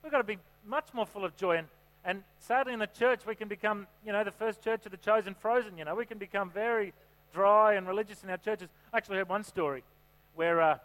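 A man's voice: high-pitched, fast, fairly bright tone. A man preaching a sermon in a church, chatty and joking, often asking the congregation questions. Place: church hall. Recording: reverberant hall with mains hum.

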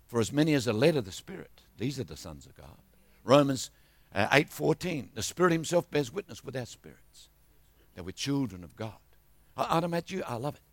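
Animated older preacher. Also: male voice, on the high side, quick pace, no echo. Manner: animated storytelling, asking the congregation for responses. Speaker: travelling preacher. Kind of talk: sermon.

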